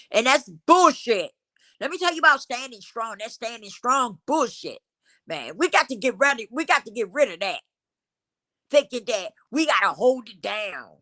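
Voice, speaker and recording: A woman's voice: fairly high pitch, very animated, unhurried, sharp tone, no room sound. A woman hosting a livestream, talking emphatically to her viewers in casual vernacular, a little stuffy from a cold. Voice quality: slightly congested from a cold. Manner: emphatic, preachy, addresses the audience as y'all; African American Vernacular English speech. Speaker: livestream host. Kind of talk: casual motivational talk to viewers.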